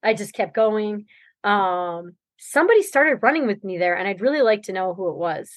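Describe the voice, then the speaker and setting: A woman's voice: medium pitch, lively intonation, moderate pace, dry recording. A woman guest on a podcast, recounting a race in loose, rambling talk and laughing often. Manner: rambling storytelling, laughs often, many fillers. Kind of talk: casual interview chat.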